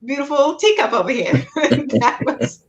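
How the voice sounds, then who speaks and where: A woman co-hosting a relaxed group conversation about films, her voice sitting fairly high. She talks in an easy, playful way and laughs often. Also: moderate pace, low-quality recording. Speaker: podcast co-host. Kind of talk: casual group chat.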